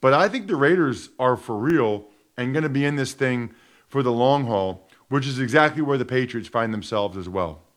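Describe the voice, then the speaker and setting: A man's voice: mid-range voice, lively intonation, normal speed. A man giving emphatic, conversational football analysis on a radio sports show.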